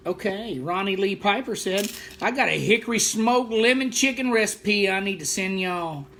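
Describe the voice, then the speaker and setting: A man co-hosting a relaxed livestream, reading comments from viewers with easy playfulness. His voice is bright and crisp, with a faint hum of room ambience behind him. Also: high voice, normal speed. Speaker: co-host of music duo livestream. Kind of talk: casual livestream chat.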